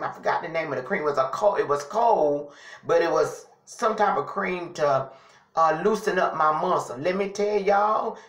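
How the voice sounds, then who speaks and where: Woman, lowish voice, casual vlog, chatty testimony, echoey room. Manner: chatty, testifying, often says "y'all". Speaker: vlogger. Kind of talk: casual storytelling to camera. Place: at home.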